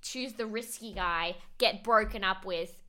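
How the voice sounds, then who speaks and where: A woman co-hosting a podcast, chatting casually about a reality show, animated and swearing freely as she acts out what people said. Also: medium pitch, unhurried. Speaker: podcast co-host.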